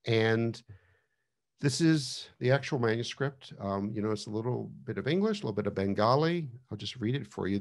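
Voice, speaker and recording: A man's voice: medium pitch, animated, moderate pace. A man giving a casual online lecture over a video call, chatty, with many fillers and restarts.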